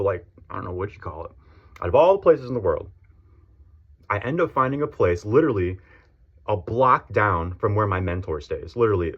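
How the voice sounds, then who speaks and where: A man's voice: lowish voice, fairly bright tone. A man in his thirties telling a personal story as a casual vlog rant, blunt and profane, full of slang. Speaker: vlogger. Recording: dull lo-fi audio.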